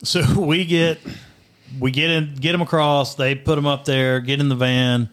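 A man, telling a story in a casual chat with a lively, laughing manner. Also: a little high, a little slow.

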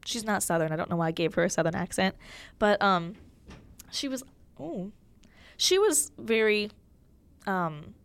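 A woman's voice: medium pitch, lively intonation, a little slow, vocal fry, long pauses, smooth. A young woman hosting a podcast, talking candidly and emotionally in a casual chat full of fillers. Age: young adult. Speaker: podcast host.

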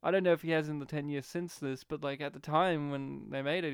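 Animated man with a smooth, raised voice. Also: fairly high pitch, a little fast, hardly any pauses, no room sound, studio quality. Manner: animated, laughs often, acts out scenes in voices. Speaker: podcast co-host. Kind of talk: casual film-review chat.

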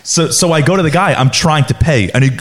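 A young man co-hosting a podcast, telling a story in an animated, halting way full of restarts. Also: fairly high pitch, background noise. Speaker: podcast co-host. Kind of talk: casual storytelling chat.

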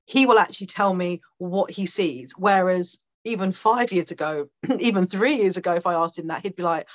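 A woman guest on a podcast telling a personal story in a chatty, animated way, with fillers and quick laughs. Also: medium pitch, highs cut off. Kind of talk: conversational storytelling.

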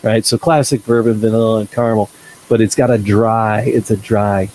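A man's voice: lowish voice, fairly even intonation, moderate pace, darkish tone, poor audio. Man, podcast co-host, casual chat, rambling, faint background hiss. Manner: rambling, restarts often, laid-back.

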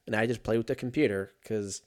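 A man's voice: on the low side, steady tone, fast talker. Rambling, foul-mouthed podcast guy. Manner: profane, rambling, self-mocking. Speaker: podcast host. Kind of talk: casual solo podcast chat.

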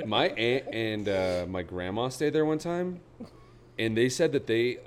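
A man in a casual chat, talking in a relaxed, rambling way with many fillers. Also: medium pitch, measured pace, clean tone. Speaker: podcast co-host.

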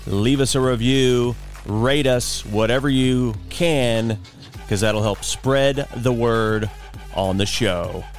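A man's voice: mid-range voice, takes it slowly, faint music behind. A man hosting a morning show podcast, talking casually and joking through loose asides. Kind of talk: casual solo podcast talk.

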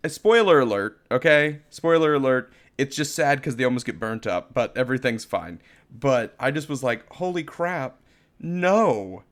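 A man co-hosting a podcast in casual chat, animated and quick to laugh and apologize. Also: medium pitch. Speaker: podcast co-host.

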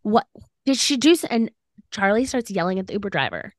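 In a clean, echo-free studio recording, a young woman with a mid-range voice talks fairly quickly as a podcast co-host. She shares a personal anecdote casually, full of "like," animatedly acting out what people said.

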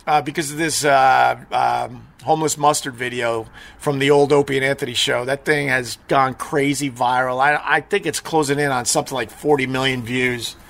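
A man's voice: medium pitch, fairly even intonation, moderate pace, gravelly, a bit bright. A middle-aged man hosting a live stream, rambling and sarcastic, a bit stuffy from allergies. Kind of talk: casual live stream rant.

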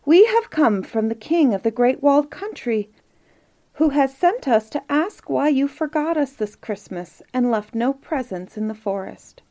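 A woman's voice: medium pitch, normal speed, vocal fry, hardly any pauses, dark tone, natural voice. A woman voicing an earnest young prince in a storybook, pleading and eager. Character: earnest young prince leading a children's committee.

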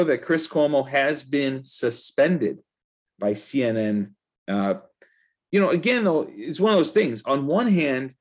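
A man's voice: medium pitch, breathy edge. A man co-hosting a podcast, chatting casually in a loose, profane, ranting way. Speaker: podcast co-host. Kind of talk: casual chat.

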